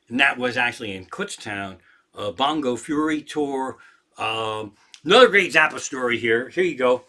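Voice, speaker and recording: A man's voice: mid-range voice, normal speed, sharp tone. A man in his sixties, a comedian hosting a livestream, rants with heavy profanity and gets himself worked up. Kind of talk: profane ranting livestream chat.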